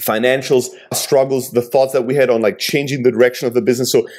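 A man's voice: mid-range voice, steady tone, fast talker, darkish tone. A man in his thirties hosting a conversation, an entrepreneur speaking earnestly and reflectively about hard times. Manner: earnest, reflective, candid with mild swearing. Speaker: podcast host, entrepreneur. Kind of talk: casual conversation.

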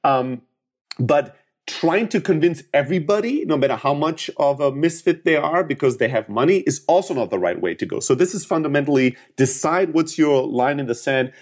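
Man, 30s, Greek accent, sales coach, emphatic, frequent restarts, slightly high voice. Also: lively intonation, normal speed. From Greece. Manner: emphatic, restarts often, acts out quoted dialogue. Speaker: sales coach and startup founder. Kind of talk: motivational business talk.

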